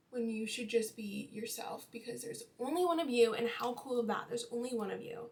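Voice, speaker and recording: A woman's voice: a little high, a little fast, hardly any pauses, a little mellow. A woman in her twenties chatting casually about her life while doing her makeup, full of fillers. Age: 20s. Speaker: beauty vlogger.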